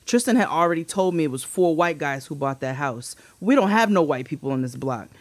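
A woman co-hosting a podcast who tells a story in a casual, animated way, swearing freely and acting out quotes in a much higher voice. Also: fairly quick, no room sound. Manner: animated, swearing, acts out quotes with big pitch jumps. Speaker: podcast co-host.

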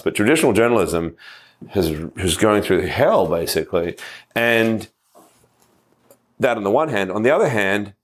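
A middle-aged man, an author and podcast guest, telling his story in an animated way and swearing freely. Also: low voice. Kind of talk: casual panel chat.

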